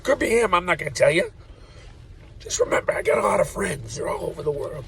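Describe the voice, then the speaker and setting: A man's voice: high-pitched, sing-song, quick pace, gravelly, crowd noise. An older man, rambling through a profane, joking vlog monologue. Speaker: vlogger. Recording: distant mic with loud background noise.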